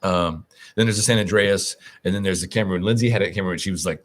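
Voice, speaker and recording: A man's voice: sits low, quick pace. A man co-hosting a casual podcast, rambling through a story with restarts. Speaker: podcast co-host. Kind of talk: casual chat.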